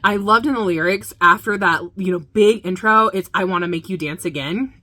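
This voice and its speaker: Woman, reaction host, bright voice, gushing, excited, casual chatter. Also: medium pitch, normal speed, no room sound. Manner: gushing, enthusiastic, full of fillers. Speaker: music video reaction host.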